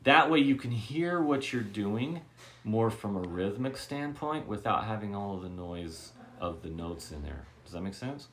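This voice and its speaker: A man with a lowish voice, speaking a little slowly, teaches a guitar lesson, constantly saying okay, checking that the student understands, and scatting rhythms aloud. Loud guitar strumming fills the gaps between his talk, with slight background noise.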